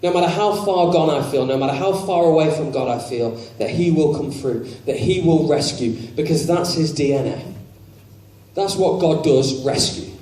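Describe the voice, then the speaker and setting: A man's voice: on the high side, normal speed, dark tone, husky. A man preaching a sermon in a conversational, candid way, leaning into emphatic rhetorical questions.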